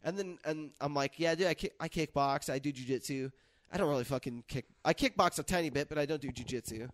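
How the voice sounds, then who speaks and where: A man's voice: on the high side, quick pace. A young man hosting a casual chat, telling a story with lots of swearing and acted-out quotes. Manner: animated, profane, acts out quotes. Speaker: podcast host.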